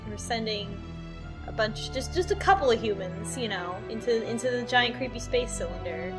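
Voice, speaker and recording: Higher-voiced woman, wry co-host, game music loud behind. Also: lively intonation, moderate pace. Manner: sarcastic, joking. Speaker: let's play co-commentator. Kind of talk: casual game commentary.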